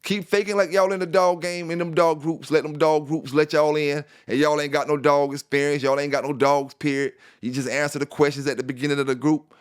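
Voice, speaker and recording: A man's voice: on the high side, little pitch movement, brisk, hardly any pauses, clear, resonant tone. A man hosting a dog news channel, delivering a confrontational, repetitive rant at rivals. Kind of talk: casual ranting monologue.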